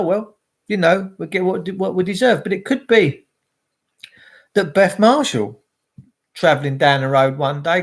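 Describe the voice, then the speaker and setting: Animated ranting Englishman. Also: fairly high pitch, creaky. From England. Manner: animated, greets viewers by name, ranting. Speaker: livestream host. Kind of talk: casual livestream chat.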